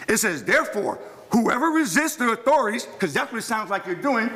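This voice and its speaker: A man's voice: sits high, very animated, a little fast, few pauses, sharp tone. A man with a New York accent making an impassioned public comment at a county meeting, emphatic and quoting scripture. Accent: New York City. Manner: emphatic, quotes scripture, restarts often. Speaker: resident speaking at public comment. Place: county commission meeting room.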